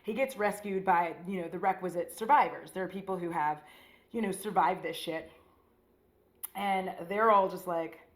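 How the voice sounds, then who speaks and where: A woman with a fairly low voice rambles through a casual makeup chat, full of slang, swearing and filler "likes." The room around her is echoey and bare. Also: moderate pace. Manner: rambling, slangy and profane, with frequent "like". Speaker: beauty vlogger.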